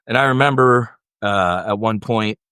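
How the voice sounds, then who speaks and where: A man's voice: on the low side, normal speed, bright, forceful tone, smooth, no room sound, studio quality. A middle-aged man, a military veteran guest on a podcast, telling a candid personal story in a rambling way, restarting often and acting out the voices of people he quotes.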